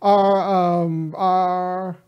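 A man's voice: sits high, flat delivery, very slow, smooth, lo-fi sound. A man from California delivers a passionate, unscripted monologue straight to his viewers. He is a college teacher talking at his own pace, pressing his points hard and wandering into side remarks along the way. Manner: impassioned, addresses viewers directly, rambling asides. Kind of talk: casual political video monologue.

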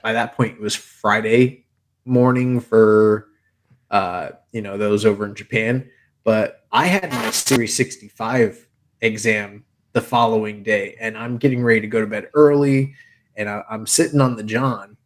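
A young man co-hosting a podcast in casual chat, rambling through stories, laughing often and swearing freely. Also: fairly low pitch. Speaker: podcast co-host.

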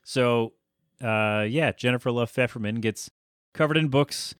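A man's voice: medium pitch, unhurried, smooth, dry recording, studio quality. A man hosting a podcast, recapping a TV episode in a casual, rambling way with jokey asides and self-corrections. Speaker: podcast host.

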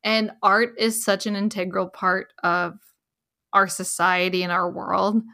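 A woman's voice: medium pitch, little pitch movement, unhurried, creaky, pushed and bright. Giggly twenty-something woman cohosting a film podcast, casual chat. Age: 20s. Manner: bubbly, giggly, emotional. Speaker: podcast co-host.

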